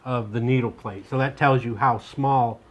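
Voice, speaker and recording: A middle-aged man, a machine technician, calmly giving plain-spoken advice in a casual chat. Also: mid-range voice, moderate pace.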